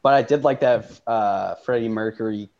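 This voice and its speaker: A man co-hosting a casual movie podcast, cracking wry quick jokes. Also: fairly low pitch, dull audio. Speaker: podcast co-host.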